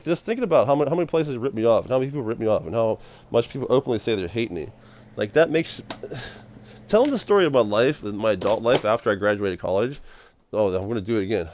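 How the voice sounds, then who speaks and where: A man's voice: on the low side, a little mellow, no room sound. A young man rambling through an emotional personal monologue in a small room, stammering and repeating his words. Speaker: vlogger.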